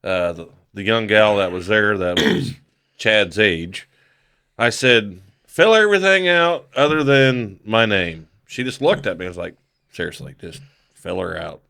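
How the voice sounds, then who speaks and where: A man's voice: fairly low pitch, animated, measured pace, sharp tone, clear, resonant tone. A man on a podcast telling a rambling story, laughing often and swearing freely. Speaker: podcast guest. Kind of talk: casual storytelling.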